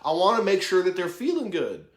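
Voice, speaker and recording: A man's voice: high-pitched, wildly swooping pitch, brisk, echoey room. A man in his thirties giving an impassioned motivational monologue, swearing heavily in a raw, emphatic way. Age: 30s. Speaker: vlogger.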